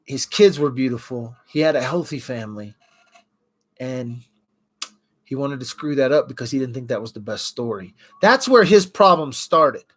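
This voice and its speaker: A man's voice: medium pitch, normal speed, darkish tone. A middle-aged man casually chatting on a livestream, reacting to viewers' comments as he talks. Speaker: livestream host.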